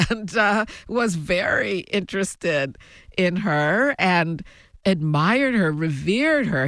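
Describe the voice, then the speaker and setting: Slow, reflective woman interview guest. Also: lowish voice, no echo, studio quality. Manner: slow, reflective, laughs softly between thoughts. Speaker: guest, author. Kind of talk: interview, personal storytelling.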